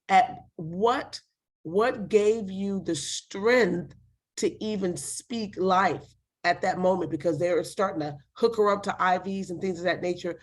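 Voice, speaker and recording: A woman hosting and interviewing guests in an animated, chatty way. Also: lowish voice. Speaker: host.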